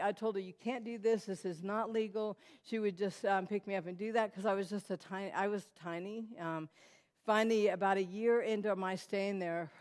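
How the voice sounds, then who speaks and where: A woman giving a personal testimony to a church audience, telling her story in a conversational way with many fillers and restarts and talking directly to the listeners. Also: mid-range voice. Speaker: guest speaker. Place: church hall.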